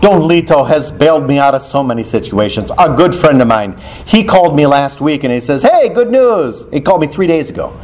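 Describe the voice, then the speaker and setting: A man's voice: medium pitch, expressive, a little fast, hardly any pauses, darkish tone. A male priest preaching in a church, telling stories animatedly, often laughing and acting out the dialogue. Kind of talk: storytelling sermon.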